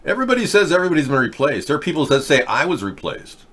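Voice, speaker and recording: A political talk show host, this man chats casually and thinks out loud, full of fillers and restarts, in rambling commentary. His voice sits on the high side, bright and husky, delivered very fast and with great animation. It's captured on a webcam or desk mic, as for a video chat.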